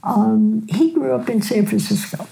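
Older lady telling stories, gravelly low-key warm voice, keeps saying right?. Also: a little hiss or hum, poor audio. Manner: gentle unhurried storyteller, frequent "right?". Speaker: physician and teacher. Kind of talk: storytelling in a conversation.

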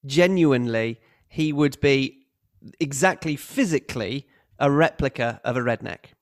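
A man hosting a podcast, chatting with friends in a dry, deliberate, witty way. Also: medium pitch. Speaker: podcast host. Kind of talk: casual chat among friends.

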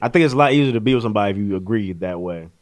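Casting: male podcast co-host, low voice, rapid offhand delivery. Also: expressive. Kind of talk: casual comedic chat.

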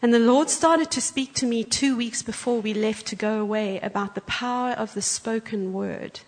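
A woman preaching a sermon in a church, telling a story with lively acted-out quotes. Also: a little high, normal speed. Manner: animated storyteller, acts out quotes. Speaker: guest preacher. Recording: church hall with long reverb.

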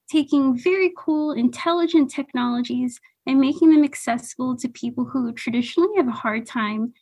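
A woman's voice: high voice, darkish tone, husky. A woman founder being interviewed on a podcast, upbeat and enthusiastic about her company. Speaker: startup founder, podcast guest.

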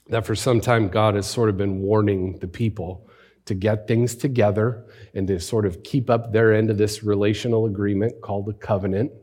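A man's voice: fairly low pitch, mellow. Conversational man preaching a sermon. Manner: conversational, rhetorical questions, frequent tag "right?". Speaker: pastor.

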